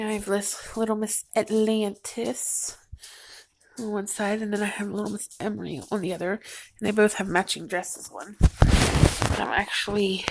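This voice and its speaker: A young woman talking softly and haltingly in a personal vlog at home, close to tears. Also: medium pitch, creaky, very noisy. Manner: soft, halting, on the verge of tears. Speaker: vlogger. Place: a house, indoors.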